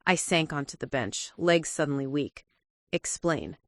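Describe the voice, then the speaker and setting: A woman's voice: normal speed, a bit bright, no echo. Woman, story narration, tense and dramatic, dry close sound. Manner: tense, dramatic, swinging pitch. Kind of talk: first-person story narration.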